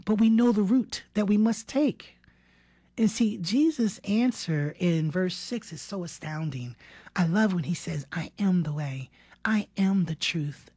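A woman's voice: fairly low pitch, dark tone, breathy edge, no echo. A woman preaching a sermon in an earnest way, repeating words and often dropping to a whisper for key phrases.

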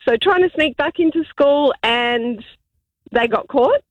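A woman's voice: high-pitched, a little slow, no room sound, highs cut off. A woman, calling in to a radio show to tell a story. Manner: chatty, storytelling. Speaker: caller. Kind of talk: telling a story on a phone call.

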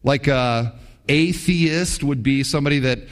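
A man's voice: mid-range voice, unhurried, long reverb tail. A man preaching a sermon as a pastor, talking animatedly and acting out the quoted voices.

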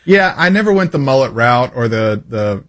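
A man's voice: mid-range voice, big pitch swings, normal speed, a bit bright. A man in his twenties chatting casually as co-host on a radio show. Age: 20s. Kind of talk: casual studio chat. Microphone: studio mic.

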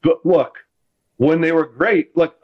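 Animated middle-aged man, slightly muffled. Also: fairly high pitch, measured pace. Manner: animated, with many restarts and laughs. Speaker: former quarterback, guest. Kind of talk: casual interview chat.

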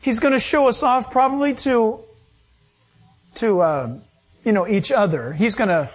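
A middle-aged male pastor preaching a sermon, emphatic and animated, acting out quoted voices. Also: high voice, normal speed.

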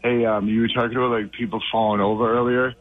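A man from the Boston area calls in over a tinny, dry phone line. He rambles in an excitable way and flares into mock outrage, with an ordinary mid-range voice. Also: medium pitch, fast, no echo. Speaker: regular radio caller.

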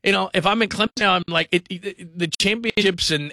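A man hosting a call-in sports radio show, talking fast and animated, often mimicking the people he talks about. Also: high voice, gravelly, dry recording. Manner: animated, does mocking voices of others.

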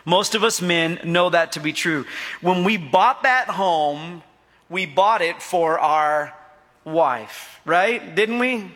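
A man's voice: high voice, slow pace, a bit bright. A middle-aged man preaching a sermon as pastor, joking with the congregation and drawing out their replies. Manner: jokey, asks the congregation for responses. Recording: echoey hall.

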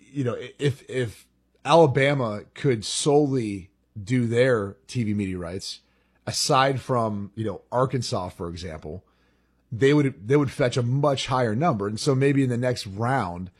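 A man's voice: medium pitch, moderate pace, husky. A man co-hosting a sports talk show, thinking aloud and often repeating words as he explains. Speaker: sports radio co-host.

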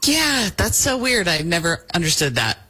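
A young man chimes in as sidekick on a radio show with short, dry replies in casual banter. His voice swings up and down animatedly and sounds bright and slightly husky. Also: high voice, very animated, moderate pace.

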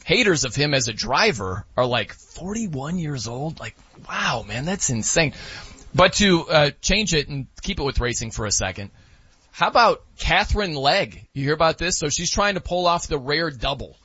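Bright, husky man talking sports. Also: on the high side, normal speed, dry recording. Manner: animated, laughing, mimics wrestling announcers. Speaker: sports talk co-host. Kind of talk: casual sports chat. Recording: dull lo-fi dry sound.

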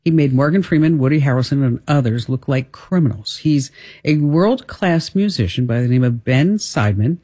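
Lively New Jersey man hosting a show. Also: mid-range voice, moderate pace, no room sound. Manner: chatty, laughs easily, restarts. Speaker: radio show host. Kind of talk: casual talk show chat.

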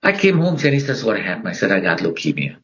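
Husky low-voiced man, middle-aged interview guest, dramatic storyteller, muffled recording. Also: wildly swooping pitch, quick pace, fairly bright tone. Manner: dramatic, acts out the voices of others in his story. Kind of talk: personal testimony storytelling.

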